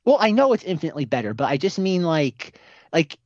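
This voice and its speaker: A man's voice: a little high, fairly quick, no room sound, muffled recording. A man co-hosting a podcast, chatting casually and expressively about a movie, often exasperated. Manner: expressive, exasperated, tongue-tied at times. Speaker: podcast co-host. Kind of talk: casual movie-review chat.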